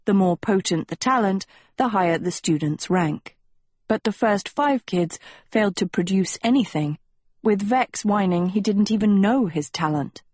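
A woman narrating an audiobook in a measured storytelling manner. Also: mid-range voice, animated, a little mellow, husky, no echo.

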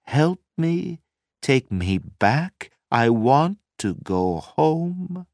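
A man's voice: mid-range voice, very animated, extremely slow, gravelly, slightly rough, dry recording, studio quality, voice pushed up, exaggerated voice. A man voicing a lonely, panicking man adrift in space, pleading with a voice that cracks upward. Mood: desperate pleading. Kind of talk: audiobook character voice.

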